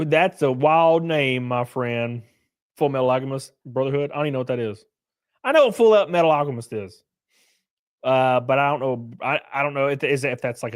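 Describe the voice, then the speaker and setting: A man in his thirties hosting a livestream, ranting loudly and profanely in casual chat, laughing between rants. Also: a little high. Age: 30s. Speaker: livestream host.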